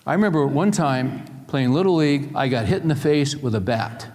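A middle-aged man preaches to a live crowd, pressing his points with emphasis and then easing into quieter storytelling. His voice sits in an ordinary middle range. The sound rings with the long reverb of a large hall. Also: medium pitch, lively intonation, fairly quick. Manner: emphatic, rising and dropping between loud points and quiet stories. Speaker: pastor. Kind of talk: sermon to a live audience. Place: large room with an audience.

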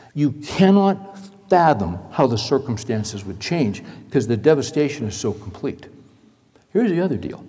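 A man's voice: medium pitch, warm tone, in a large hall. A middle-aged man telling a story in a sermon, in a chatty, folksy way. He sounds worn out.

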